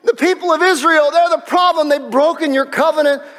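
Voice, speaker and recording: A man preaching and voicing a desperate, self-pitying prophet who pleads and shouts in a strained, raised voice. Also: very high-pitched, fairly even intonation, brisk, voice pushed up. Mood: anguished pleading. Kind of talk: sermon. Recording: long reverb of a large hall.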